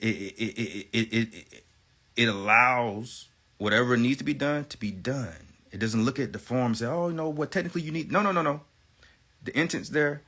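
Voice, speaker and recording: Man delivering a rambling, profane livestream rant; bright, tense delivery, insistent. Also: on the low side. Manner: rambling, profane, repeats himself; emphatic, insistent.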